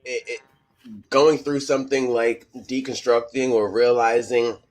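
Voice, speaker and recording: A man on a casual podcast panel, speaking earnestly with halting restarts. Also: mid-range voice, flat delivery, darkish tone.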